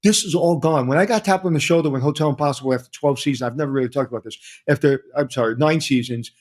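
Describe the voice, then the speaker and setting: A man's voice: fairly high pitch, fast. A middle-aged man, a hotel consultant telling stories energetically in an interview, repeating himself as he talks. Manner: energetic storyteller, repeats himself, quotes others. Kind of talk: conversational interview.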